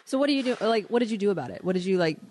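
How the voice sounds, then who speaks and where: A woman's voice: mid-range voice, animated, racing, a little mellow, slight background noise. A woman co-hosting a podcast in a restaurant, who laughs easily and keeps asking follow-up questions. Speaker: podcast co-host. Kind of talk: casual interview chat.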